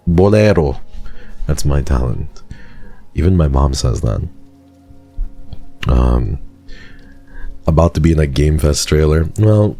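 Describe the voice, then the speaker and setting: Very deep-voiced dry American man. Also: a little mellow. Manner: dry and sarcastic. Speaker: livestreamer. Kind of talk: casual chat with viewers.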